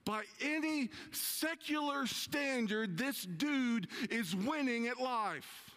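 A man preaching a sermon as pastor, conversational and slowing down to stress key words. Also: very high-pitched, expressive, bright, forceful tone, big-room sound. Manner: conversational, slows down for emphasis. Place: church sanctuary.

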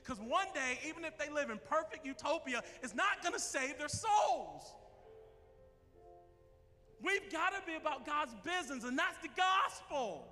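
A man preaching a passionate sermon to his church as its minister, at times shouting. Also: very high voice, big pitch swings, measured pace, long reverb tail, faint music behind. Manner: impassioned preaching, rising to shouts. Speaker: pastor. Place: church sanctuary.

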